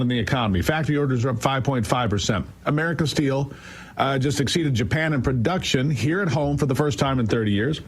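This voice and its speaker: A man giving emphatic political commentary as a guest on a morning news show, firing off incredulous rhetorical questions. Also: mid-range voice.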